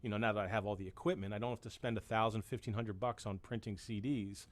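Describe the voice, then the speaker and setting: A man's voice: fairly low pitch, steady tone, fast. A man in his fifties chatting as a musician guest, rambling and self-deprecating, with many restarts. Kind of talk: casual chat.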